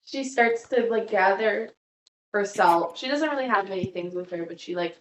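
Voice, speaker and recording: A woman's voice: mid-range voice, normal speed, a little hiss or hum. A woman running a tabletop game as game master, narrating in a giggly, hesitant way. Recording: echoey room, distant mic.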